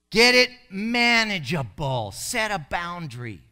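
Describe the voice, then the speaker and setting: A male pastor preaching a sermon in an emphatic way, with sudden loud bursts. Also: high voice, slow, few pauses, clear, resonant tone.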